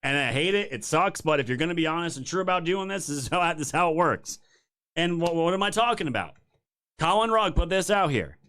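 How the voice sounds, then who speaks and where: Brief: male streamer-host, slightly high-pitched, heated profane rants, sarcastic, speaks to viewers as "you guys". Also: lively intonation, a little fast, fairly bright tone. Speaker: political commentary show host. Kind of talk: live-streamed political rant.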